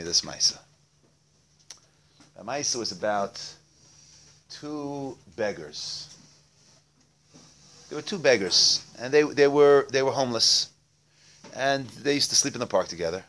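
A man's voice: on the low side, vocal fry, a bit bright. A man telling a Hasidic tale as a religious lesson, in a conversational way with frequent fillers. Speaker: storyteller.

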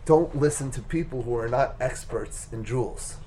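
A man voicing a calm, wise older male rabbi who instructs his son in a told story. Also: medium pitch, moderate pace, slight background noise, pitched below the performer's own voice, natural voice. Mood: instructive. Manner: calm, instructive, then emphatic.

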